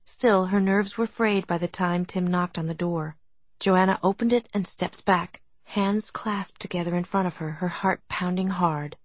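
A woman reading a novel aloud as audiobook narration, in a soft, gentle manner. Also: lowish voice, steady tone, unhurried, dry recording. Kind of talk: scripted narration.

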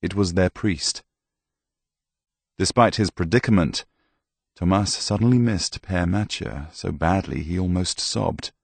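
A man reading a novel aloud with measured, even storytelling, close to the mic. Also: low-pitched, creaky, breathy edge, no room sound. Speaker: audiobook narrator. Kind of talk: scripted narration.

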